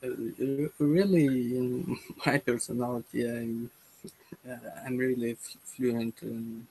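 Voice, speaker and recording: A young man with a Russian accent, a language student chatting in a lesson, halting with many restarts and repeated words. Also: medium pitch, steady tone, a little mellow, slightly rough, poor audio. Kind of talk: casual conversation lesson.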